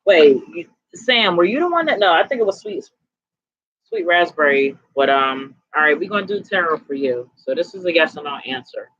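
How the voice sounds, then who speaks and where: A woman giving tarot readings on a casual live stream, chatting in a relaxed, slangy way, tired and sweaty. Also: fairly low pitch, moderate pace, highs cut off. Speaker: tarot reader.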